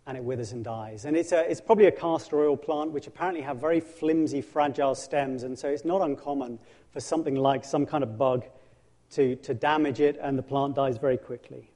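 A man preaching a sermon in animated storytelling, dramatizing scripture with frequent restarts. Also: medium pitch, a little fast. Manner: frequent restarts and self-corrections. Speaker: pastor.

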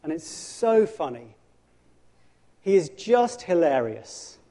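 A man preaching a sermon in animated storytelling, dramatizing scripture with frequent restarts. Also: on the high side, takes it slowly. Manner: frequent restarts and self-corrections. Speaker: pastor.

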